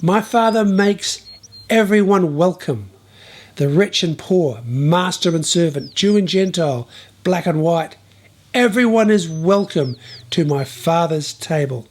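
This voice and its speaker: A man voicing Jesus as a calm, kind teacher who proclaims gently in a spoken bible story. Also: a little high, measured pace. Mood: warm.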